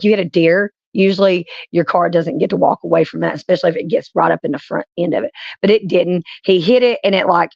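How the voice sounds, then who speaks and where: A woman's voice: fairly low pitch, gravelly, dry recording, lo-fi sound. A woman streamer telling rambling stories in casual chat, often breaking into laughs. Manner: rambling anecdotes with frequent laughs.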